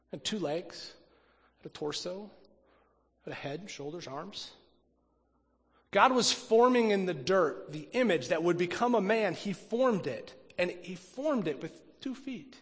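A male pastor delivers an animated sermon in a high voice at a measured pace, moving between loud emphasis and hushed, almost whispered lines. He often repeats words as he thinks aloud, and a long reverb tail follows his speech.

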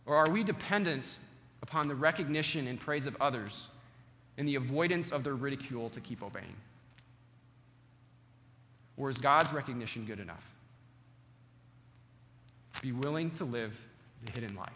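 Earnest preacher in a reverberant hall. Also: male voice, mid-range voice, expressive, pushed and bright, slight background noise. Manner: earnest, slows down to stress key words. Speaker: pastor. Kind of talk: sermon.

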